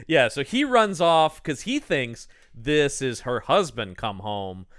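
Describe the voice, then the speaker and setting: A man co-hosting a podcast in casual chat about a movie, animated and jumping into put-on voices when quoting. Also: fairly high pitch, takes it slowly, no room sound, clean studio sound. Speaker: podcast co-host.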